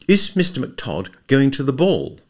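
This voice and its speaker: A man voicing a brisk, impatient young woman who speaks firmly. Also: medium pitch, wildly swooping pitch, voice pushed up, heavily acted. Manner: impatient, firm.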